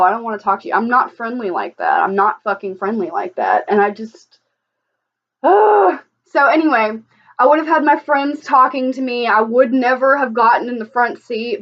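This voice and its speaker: A woman's voice: a little high, muffled recording. A woman giving casual reaction commentary in a blunt, heated, profane way, often restarting her sentences. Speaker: vlogger reacting to a video.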